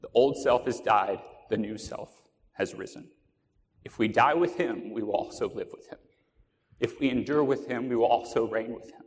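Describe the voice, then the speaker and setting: A man preaching in an earnest, storytelling way, pausing on fillers and starting phrases over. His voice sits at an ordinary middle pitch. A long reverb trails behind his words, as if he were in a church sanctuary. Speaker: pastor. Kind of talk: sermon.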